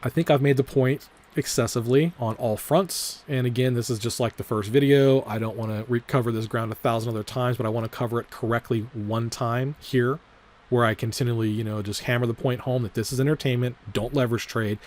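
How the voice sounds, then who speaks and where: A male vlogger talking loosely through his trades at a middle pitch. He rambles, swears freely and leans on filler words, circling back to the same points again and again. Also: steady tone, fairly quick, darkish tone. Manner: repeats his disclaimers over and over. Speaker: trading vlogger. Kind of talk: casual trading vlog commentary.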